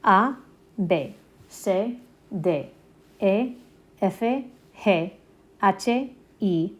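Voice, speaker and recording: A woman teaching at an unhurried, deliberate pace, with a voice of ordinary middle pitch. She guides learners through repeat-after-me drills with patient encouragement and frequent check-ins. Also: lively intonation. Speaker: Spanish teacher. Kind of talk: slow repeat-after-me language lesson.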